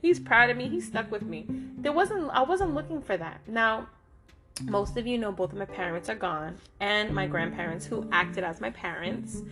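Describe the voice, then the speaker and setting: A woman's voice: medium pitch, moderate pace, a bit bright. A woman giving a casual motivational talk straight to her listeners, earnest and direct, often checking in with "okay?" and "right?". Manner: talks with lots of "okay?" and "right?" check-ins. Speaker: motivational speaker. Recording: guitar music playing behind the voice.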